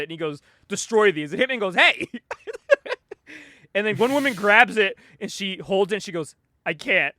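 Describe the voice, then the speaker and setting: Animated high-voiced man recapping comics. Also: no room sound, clean studio sound. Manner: animated retelling, acting out characters' lines with frequent laughter. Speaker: podcast host. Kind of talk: casual comic book recap.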